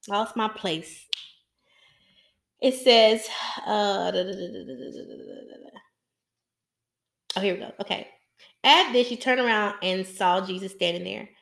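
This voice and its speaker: A woman's voice: mid-range voice, gravelly. A woman hosting a casual livestream Bible devotional, chatty and slangy, laughing often as she reads and comments. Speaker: livestream host reading scripture.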